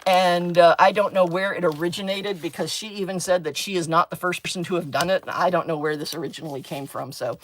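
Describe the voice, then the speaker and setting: A woman's voice: on the low side, steady tone, fairly quick, few pauses, a little hiss or hum, low-quality recording. A middle-aged woman hosting a chatty crafting livestream, telling stories in a dry, sarcastic, talkative way. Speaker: craft channel host, former chemistry teacher.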